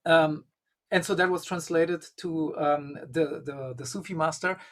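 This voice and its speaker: A man's voice: on the high side, steady tone, unhurried. A man, a guest and Gnostic bishop, telling a long anecdote in casual conversation, full of "you know" and "um". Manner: rambling, leans heavily on 'you know' and 'um'. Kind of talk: conversational storytelling.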